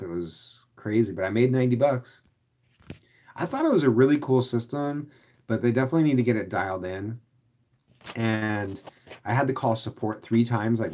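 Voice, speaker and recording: Casting note: low, husky-voiced man, casual rambling vlogger who leans on "like" as he talks. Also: a little mellow. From Los Angeles area. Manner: rambling, heavy use of "like". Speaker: rideshare driver vlogger. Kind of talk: casual chat answering viewers.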